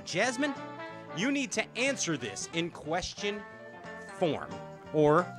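A man hosting a talk show, running a joking quiz game with lively, laughing delivery. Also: high-pitched, takes it slowly, music in the background.

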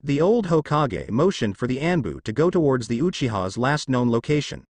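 A man narrating a fanfiction story in a steady storytelling way. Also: mid-range voice, normal speed, no room sound.

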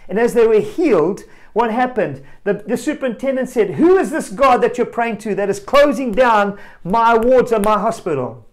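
A male preacher giving a family sermon, telling a story with animated energy and calling out directly to children and parents. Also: very high voice, normal speed, hardly any pauses. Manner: animated storyteller, rising to loud exclamations.

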